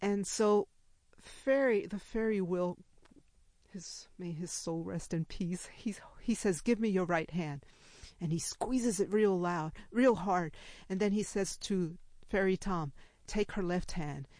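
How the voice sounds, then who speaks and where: A woman's voice: mid-range voice, unhurried, no echo. An older woman telling a personal story, laughing often and acting out what others said. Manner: animated, laughs while telling, acts out others' lines.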